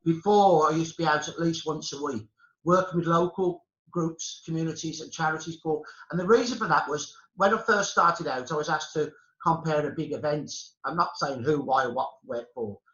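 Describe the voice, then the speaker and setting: A man's voice: fairly high pitch, moderate pace, fairly bright tone. A middle-aged man with a Brummie accent, talking passionately and emphatically in a conversational discussion, repeating points for emphasis. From England. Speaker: historian guest. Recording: lo-fi with a roomy echo.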